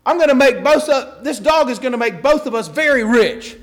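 A man voicing an eager male dog owner pitching his talking dog in a joke told during a sermon. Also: lively intonation, brisk. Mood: eager pleading.

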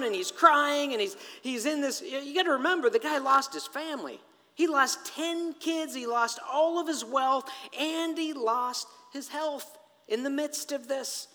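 A man preaching a sermon in an animated, conversational way, turning often to the congregation with asides. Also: extremely high pitch, big-room sound.

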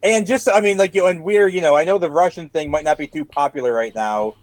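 A man co-hosting a podcast, casually chatting and making deadpan jokes. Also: a little high, fast talker, dry recording. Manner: deadpan joking. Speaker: podcast co-host. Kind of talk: casual chat.

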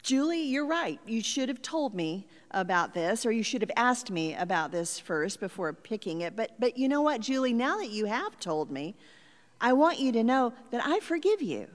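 A woman pastor voicing a kind older neighbor woman who gently forgives, in her own slightly raised voice. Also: on the high side, very animated, moderate pace. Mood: gently firm. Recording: long hall reverb.

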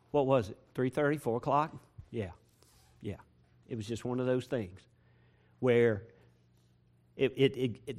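Preaching to his congregation in a church sanctuary, a pastor of medium pitch works through repetition of phrases. He keeps building until he reaches loud, forceful peaks.

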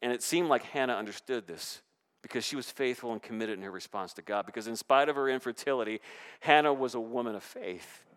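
A man preaching a sermon in a church, animated, with rising and falling emphasis. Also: mid-range voice, brisk, clean tone. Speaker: pastor. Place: church sanctuary. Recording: reverberant church hall.

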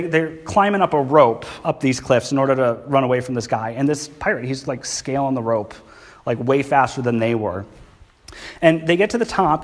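A man, preaching a sermon in a church and talking conversationally with the congregation. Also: fairly high pitch. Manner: conversational, asks the congregation questions. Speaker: pastor. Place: church hall.

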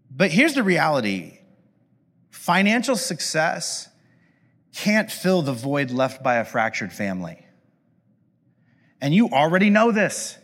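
A man delivers a sermon in a chatty, animated way, full of asides to his listeners. His voice sits a little high and sounds bright and forceful. A long hall reverb trails behind him. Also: slow pace, pauses often. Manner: conversational, animated, many asides. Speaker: preacher.

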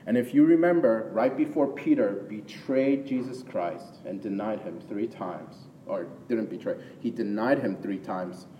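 Speaking at a measured pace with hardly any pauses, a pastor with a dark, low-side voice preaches conversationally. He regularly asks "right?" and breaks into emphatic bursts. Long hall reverb, faint ambience, a little hiss or hum, and a distant mic position mark the recording.

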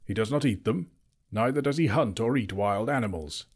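A man's voice: fairly low pitch, normal speed, husky. A man reading aloud, voicing an old male wizard who lectures emphatically and turns cross easily. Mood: stern.

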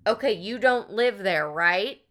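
A woman voicing a flat, unhelpful male emergency dispatcher with a plodding, dismissive manner. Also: medium pitch, unhurried.

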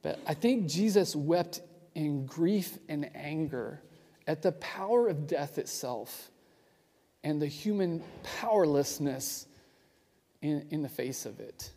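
Mellow-voiced preacher in a reverberant hall. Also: male voice, fairly high pitch, husky. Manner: casual, explanatory, with frequent asides. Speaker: pastor. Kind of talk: conversational sermon. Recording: long reverb of a large hall.

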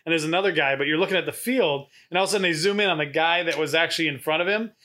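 A man's voice: on the high side, racing, bright, forceful tone. A man co-hosting a radio show, joking and swearing in casual banter. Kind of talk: casual chat.

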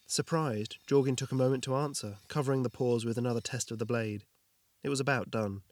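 A man's voice: medium pitch, steady tone, a little fast, darkish tone, no room sound. Man reading a story aloud. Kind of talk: storybook narration.

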